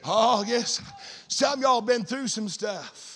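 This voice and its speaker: A man preaching a sermon, telling a story and building into fervent shouts. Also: extremely high pitch, animated, slow pace.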